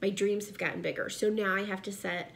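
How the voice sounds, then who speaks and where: Woman, 30s, pregnant, earnest, chatty, home office, faint low rumble. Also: fairly even intonation, fairly quick, creaky, fairly bright tone. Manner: earnest, chatty, addresses viewers directly. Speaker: vlogger and direct sales seller. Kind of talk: casual to-camera vlog.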